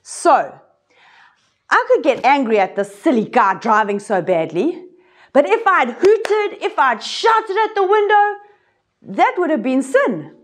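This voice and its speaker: A woman telling children a Bible story in an expressive way, acting out voices and sound effects. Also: high voice, takes it slowly. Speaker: children's ministry teacher. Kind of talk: animated Bible lesson for kids.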